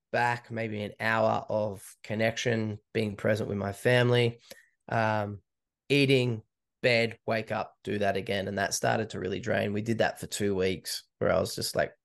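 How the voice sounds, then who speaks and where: A man's voice: on the low side, creaky. A man, a podcast guest telling a candid, swearing story and acting out the quotes. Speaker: podcast guest, ultra runner. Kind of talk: casual storytelling.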